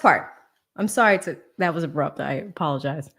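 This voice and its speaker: A woman's voice: low voice, a little fast, a bit bright, breathy edge. A woman hosting a true crime commentary livestream, indignant and emphatic, talking straight to her viewers. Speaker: livestream host.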